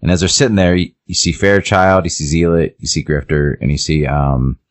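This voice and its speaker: A man's voice: low-pitched, brisk. A man in casual podcast chat, retelling a show's plot in a loose, rambling way and briefly acting out the characters' lines. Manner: animated storyteller, briefly acting out quoted lines; loose and rambling, many "he's like" and "like" fillers.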